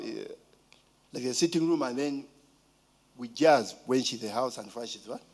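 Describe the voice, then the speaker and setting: A man with a Ugandan accent tells a casual story in a high-pitched voice. His pitch swings widely, and he keeps throwing in rhetorical questions. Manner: animated, rhetorical questions, mimics a child's voice.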